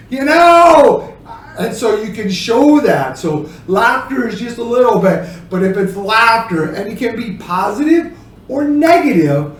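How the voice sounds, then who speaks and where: A man teaching a sign-language lesson in a relaxed spoken style. He talks slowly and haltingly, with restarts, and acts out feelings with gasps and exclamations. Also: high voice, roomy sound, recorded from a distance, a little hiss or hum. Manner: slow and halting, with many restarts, acting out emotions with gasps and exclamations.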